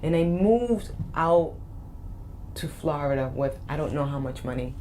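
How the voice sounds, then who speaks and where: Guesting on an interview, a life coach in her forties from Boston, with a Boston and Spanish accent, speaks upbeat and emphatically, repeating her key phrases. Her low voice is animated, unhurried, and darkish in tone, with a little hiss or hum in the recording.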